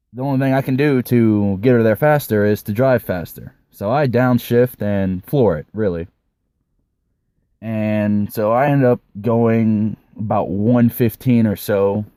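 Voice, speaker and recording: A young man rambles through a personal story in a relaxed, offhand way, swearing now and then. His voice sits low and sounds mellow and warm. The recording is dry and close. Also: clear, resonant tone, no room sound. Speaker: vlogger. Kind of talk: casual storytime.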